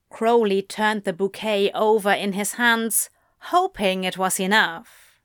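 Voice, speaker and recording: A woman reads a story aloud in a measured, even voice. Her pace is slow and unhurried. The sound is close and dry, with no room echo. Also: medium pitch, clear, resonant tone. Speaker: narrator. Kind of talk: audiobook fan fiction reading.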